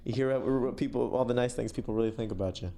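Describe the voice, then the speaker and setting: A man's voice: mid-range voice, quick pace, warm tone, slight background noise. A man co-hosting a podcast, easygoing and reflective, swearing casually. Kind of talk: casual chat.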